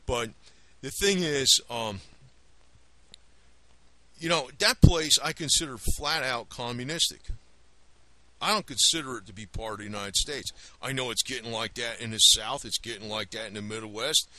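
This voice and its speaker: A man's voice: medium pitch, normal speed, pushed and bright. A man from the Northeast with a New Jersey accent, rambling to camera in a blunt, profane rant. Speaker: video blogger.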